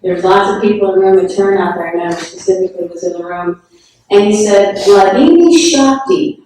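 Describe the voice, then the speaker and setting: A woman's voice: on the low side, little pitch movement, fast, mellow. A woman shares frank, self-deprecating stories and laughs often along the way. She sounds distant from the microphone in a big echoing hall with a faint hiss behind her. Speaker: speaker at a memorial gathering. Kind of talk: telling personal anecdotes. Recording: echoey hall from far off.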